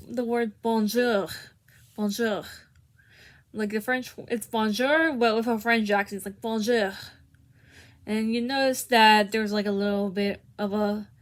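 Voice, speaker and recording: A woman's voice: on the high side, a bit bright. A young woman giving a casual harmonica tutorial, hesitant, with many restarts and fillers. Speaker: harmonica teacher.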